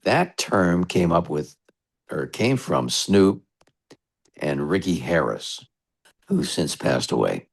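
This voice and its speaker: A middle-aged man with a very deep voice and a gravelly edge tells his stories slowly. He wanders off on asides and comes back to the thread in a relaxed interview manner. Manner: relaxed, rambling anecdotes with asides. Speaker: radio DJ guest. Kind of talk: storytelling interview.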